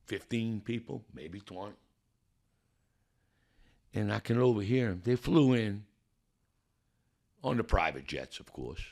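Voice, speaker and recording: A man's voice: on the low side, lively intonation, unhurried, vocal fry, pauses often, darkish tone. A man telling a personal story with drama, building suspense and acting out the people in it. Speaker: guest telling his testimony.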